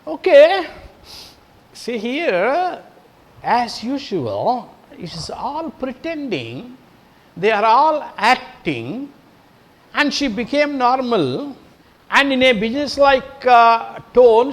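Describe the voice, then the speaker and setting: Brief: male English teacher, slow and repetitive, lively high voice. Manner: explains slowly, repeats phrases, fills pauses with "uh". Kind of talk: recorded class lesson explaining a play.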